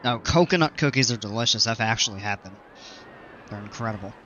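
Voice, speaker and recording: A man's voice: fairly low pitch, a little fast, sharp tone, lo-fi sound, slight background noise. A man giving casual gameplay commentary, rambling and self-mocking with many fillers. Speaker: game channel host.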